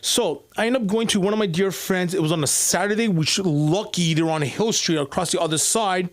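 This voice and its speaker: A man's voice: sits high, fairly quick. A man doing stand-up at an open mic, telling a rambling story full of restarts and fillers.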